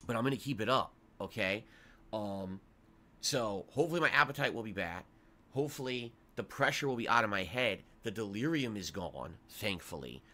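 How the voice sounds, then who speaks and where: A man's voice: lowish voice, lively intonation, normal speed, pushed and bright, soft background music. A man with a congested nose giving viewers a rambling, complaining update on his illness. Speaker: streamer. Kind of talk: sick-day update to viewers.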